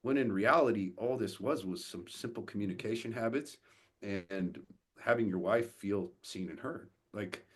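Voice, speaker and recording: A man's voice: lowish voice, normal speed, husky. A man speaking as a podcast guest, a coach for fathers, talking bluntly with lots of swearing and acting out what other people say. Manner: blunt and profane, acts out quoted dialogue. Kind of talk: casual podcast conversation.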